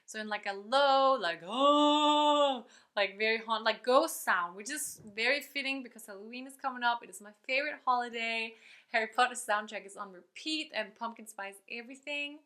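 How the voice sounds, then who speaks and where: A woman's voice: a little high, brisk, bright, forceful tone. A woman vocal coach giving an upbeat, chatty online singing lesson and breaking off to demonstrate sounds.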